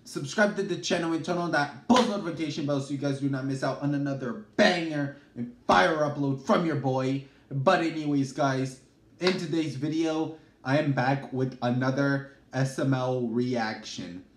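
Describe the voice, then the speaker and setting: A man's voice: mid-range voice, moderate pace. A man hosting a YouTube reaction video, chatting casually in hyped, slangy talk. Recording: echoey room with faint noise.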